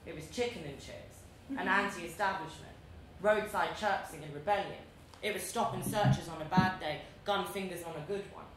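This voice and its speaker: Reading her personal essay live, a London-born author in her thirties speaks with a London accent in a measured, deliberate and dryly wry way. Her voice is slightly low and a bit bright, echoing strongly through a large museum event space over a faint layer of noise.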